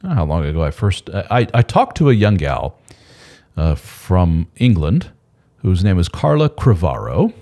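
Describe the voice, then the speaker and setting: A man's voice: low voice, sing-song, moderate pace, warm tone. A man hosting a casual live stream, talking in a loose, rambling and candid way with mild swearing. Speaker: host of a men's support channel.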